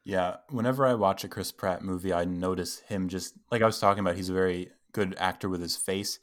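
Low-voiced man chatting about films. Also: steady tone, fairly quick. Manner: thoughtful, frequent ums. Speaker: podcast co-host. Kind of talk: casual film discussion.

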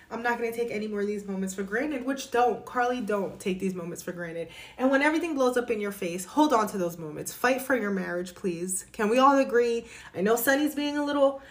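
A woman chatting casually as she recaps a soap opera, gossipy and animated, full of asides. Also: mid-range voice.

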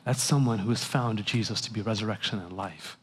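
A male pastor preaching an earnest sermon, telling stories and dropping to a soft, hushed voice when he quotes people. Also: lowish voice, fairly quick, breathy edge. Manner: earnest storytelling preacher, drops to soft near-whispers for quotes. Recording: long hall reverb.

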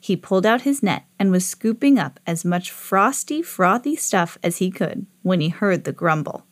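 A woman's voice: fairly low pitch, lively intonation, moderate pace, dry recording. A woman hosting a read-aloud podcast, reading a children's storybook expressively.

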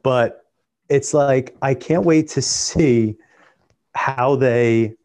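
Man, podcast co-host, casual chat, enthusiastic, rambling, mid-pitched voice. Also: extremely slow, a little mellow.

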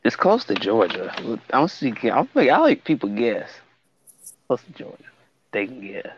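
A young man from Alabama with a Southern accent, chatting casually on a podcast, excitable, laughing often and jumping into high shouts. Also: moderate pace, noisy background. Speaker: podcast co-host. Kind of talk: casual chat. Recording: dry dull lo-fi mic.

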